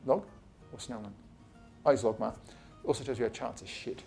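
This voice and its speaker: A man's voice: medium pitch, a little fast, gravelly, warm tone, faint music behind. A man, an eye surgeon giving an informal talk to colleagues in his office, blunt and chatty, swearing casually and acting out exchanges with patients. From Australia. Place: his office, talking to a small group.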